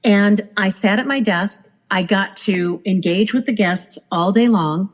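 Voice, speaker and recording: A woman's voice: medium pitch, a little slow, low-quality recording. A woman, a former cruise director, telling stories in a casual podcast chat and acting out the people she quotes. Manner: animated, acts out quoted people. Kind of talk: casual storytelling.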